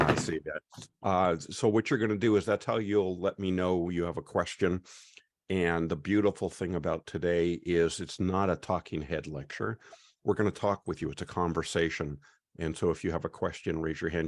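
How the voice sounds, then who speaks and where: A man's voice: deep voice, no echo, clean studio sound. A man hosting an online class over a video call, chatty and welcoming. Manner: chatty, welcoming, often pauses with "uh".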